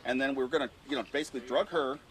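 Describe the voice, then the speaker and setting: A man's voice: medium pitch, racing, noisy background. A man telling an outrageous joking story, building it up step by step. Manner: joking, building a tall tale. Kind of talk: animated anecdote. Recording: crowd chatter behind.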